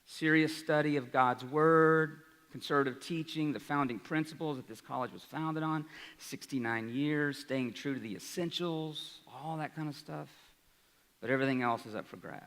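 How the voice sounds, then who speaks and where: A man's voice: a little high, normal speed. Man in his forties speaking in a hall. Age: 40s. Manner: energetic, rhetorical, asks the crowd "right?". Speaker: college president. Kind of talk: speech to an audience. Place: large hall. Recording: reverberant hall, live speech.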